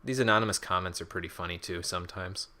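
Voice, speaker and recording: With game music and a noisy background behind him, a low-voiced man talks fast through a casual let's-play. The streamer keeps joking sarcastically about the characters on screen.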